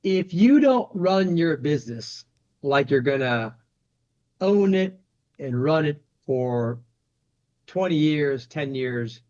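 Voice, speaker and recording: A man of ordinary pitch talks casually as an interview guest, explaining things in a relaxed, conversational way. He sprinkles his sentences with "you know" and "right?". The sound is slightly dull and lo-fi. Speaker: private equity managing director, guest.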